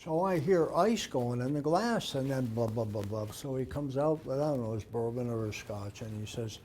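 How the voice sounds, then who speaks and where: A man's voice: mid-range voice, animated, normal speed, a little mellow, slight background noise. An older man, a dog behavior expert, giving an author talk and telling anecdotes while acting out the dialogue. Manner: anecdotal, acts out quoted dialogue. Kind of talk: storytelling talk.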